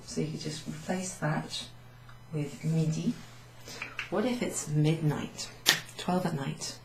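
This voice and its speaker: A woman's voice: sits low, slow, background noise. A woman teaching a beginners' French recap, explaining patiently and switching between English and French. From Wales. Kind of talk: relaxed classroom recap lesson. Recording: echoey room with faint background.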